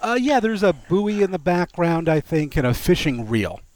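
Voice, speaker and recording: A man's voice: a little high, very animated, normal speed, darkish tone. A man hosting a casual tech podcast, talking in a wry, joking way. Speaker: podcast host.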